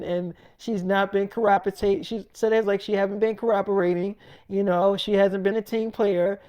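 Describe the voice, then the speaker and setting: A man casually telling a personal story, acting out both sides of the dialogue with animated, emphatic delivery and frequent swearing. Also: high voice, smooth.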